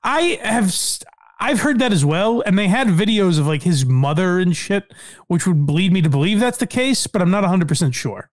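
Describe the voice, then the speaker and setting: High lively podcast host raving about clips. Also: male voice, normal speed, dry recording, clean studio sound. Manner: enthusiastic, laughing, loose with fillers and swearing. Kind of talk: casual chat reacting to clips.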